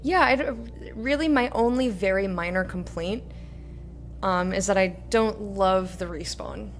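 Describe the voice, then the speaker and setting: A woman's voice: medium pitch, measured pace, soft background music. A woman streamer giving casual, rambling, self-mocking commentary while playing a game. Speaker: let's play streamer.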